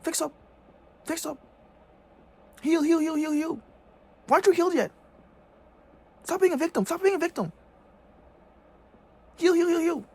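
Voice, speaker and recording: A man voicing a shrill, impatient, dismissive oppressor who taunts and repeats words rapidly. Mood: mocking.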